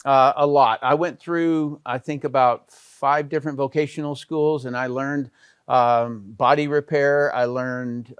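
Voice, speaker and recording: A man's voice: mid-range voice, clear, resonant tone, dry recording, clean studio sound. A middle-aged man, a business educator, explaining business models in a conversational talk and checking in often with "okay" and "all right". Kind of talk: explanatory talk over slides.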